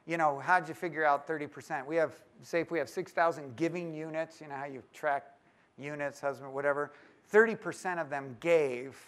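A pastor telling a humorous story to a live audience, acting out both sides of the conversations. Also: male voice, a little high, a little fast. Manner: animated storyteller, acts out both sides of a phone call.

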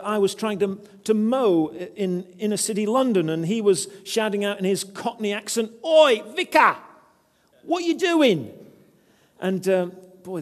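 High-voiced male preacher in a reverberant hall. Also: a little mellow. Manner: earnest, conversational, anecdotal. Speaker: preacher, former vicar. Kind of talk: sermon with personal storytelling.

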